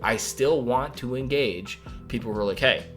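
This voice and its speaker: A man's voice: medium pitch, normal speed. A man hosting a livestream update, talking casually and animatedly, reading chat and swearing now and then. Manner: rambling, animated, swearing, reads chat aloud. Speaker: mod developer hosting a stream update. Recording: faint music behind.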